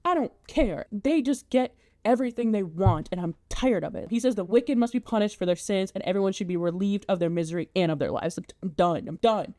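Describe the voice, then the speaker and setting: A woman's voice: mid-range voice, animated, fairly quick, few pauses, mellow, no echo, lightly acted. A woman voicing a vengeful male barber who rants in a bitter, furious way. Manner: bitter, ranting.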